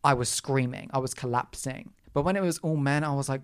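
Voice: mid-range voice, brisk, clear, resonant tone. A young adult podcast host talking alone in a casual, campy, sarcastic rant, full of asides and apologies. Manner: animated, campy, sarcastic ranting with frequent asides.

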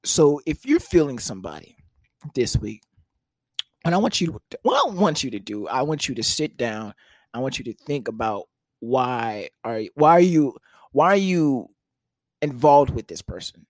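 A man telling a story in a casual podcast chat, his voice swinging lively up and down, with frequent laughs and restarts. The recording is dry and close, with no room sound. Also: mid-range voice, normal speed, dry recording. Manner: animated, swearing, laughs often, trails off and restarts. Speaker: podcast co-host.

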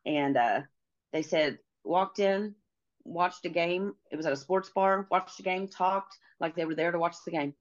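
Low-voiced middle-aged woman telling her story. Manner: halting, with many pauses and restarts. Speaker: podcast guest. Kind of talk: personal storytelling in an interview. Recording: slightly dull lo-fi audio.

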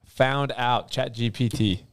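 A man's voice: mid-range voice, fairly even intonation, slow pace, clear, resonant tone, dry recording, studio quality. A man co-hosting a casual podcast who chimes in with wry, teasing asides. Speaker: podcast co-host. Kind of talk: casual chat.

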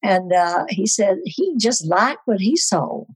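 An elderly woman in her eighties spins a long anecdote with wry asides. Her voice sits at a middle pitch and is recorded close and dry, with no room sound around it. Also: animated, takes it slowly, slightly rough, dry recording, poor audio. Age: 80s. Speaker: guest. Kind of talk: casual storytelling chat.

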